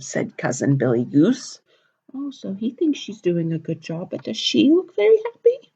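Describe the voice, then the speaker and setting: A woman librarian reading a picture book aloud at a children's storytime, animated and asking the kids questions. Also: mid-range voice, unhurried, creaky, slightly rough. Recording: dull lo-fi recording.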